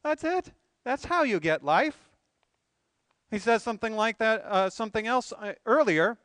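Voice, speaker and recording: In this expressive sermon, a male pastor asks rhetorical questions and works up to emphatic peaks at a measured pace. He has a high, smooth, resonant voice with a bit of brightness, and the recording is dry, with little room sound.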